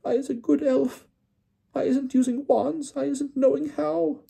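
Storybook figure: man putting on a squeaky, stammering, fearful elf girl, high and shaky. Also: flat delivery, unhurried, vocal fry, warm tone, full character voice. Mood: terrified. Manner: stammering, broken grammar. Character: terrified squeaky female house-elf servant.

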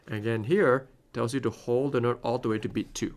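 A man's voice: mid-range voice, moderate pace. A man teaching clarinet in a masterclass, explaining phrasing step by step and singing passages on scat syllables. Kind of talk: recorded masterclass instruction.

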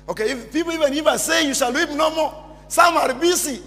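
A man preaching a sermon as pastor, calling out to the congregation and often shouting. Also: very high-pitched, brisk, creaky. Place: church hall. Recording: reverberant church hall.

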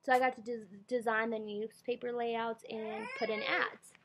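Young woman rambling thru a storytime vlog on her laptop mic, bit high, gravelly fry. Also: little pitch movement, normal speed, fairly bright tone, a little hiss or hum. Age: young adult. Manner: chatty, rambling, lots of fillers and quoted self-talk. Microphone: computer webcam mic.

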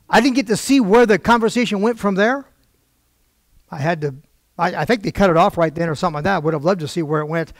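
A man's voice: high voice, quick pace, no echo, clean studio sound. An older man preaching in a storytelling style, acting out quoted voices with wry asides.

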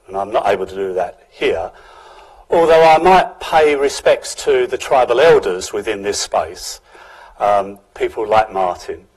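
An older man with a Cockney accent, giving a relaxed public lecture full of anecdotes. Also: fairly low pitch, slightly rough, low-quality recording. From England, London. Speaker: guest speaker, professor.

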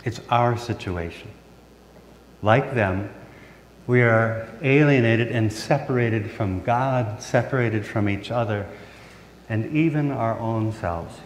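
A man's voice: fairly low pitch, slow, a little hiss or hum. A middle-aged man preaching a sermon as pastor, putting questions to the congregation and answering them himself. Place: church sanctuary. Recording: reverberant church hall.

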